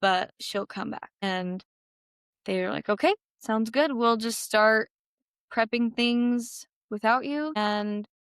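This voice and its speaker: Young woman telling a personal story, clear voice. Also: slow, no echo, studio quality. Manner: heavy use of "like", quotes herself in a higher voice. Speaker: guest.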